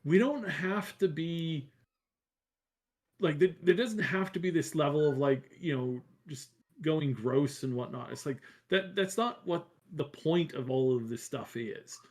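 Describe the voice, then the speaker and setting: Man, somewhat high voice, casual stream co-host, halting, repeats himself. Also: a little mellow. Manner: halting, repeats words while searching for them. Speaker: co-host of a gaming news show. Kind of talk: casual live-stream chat.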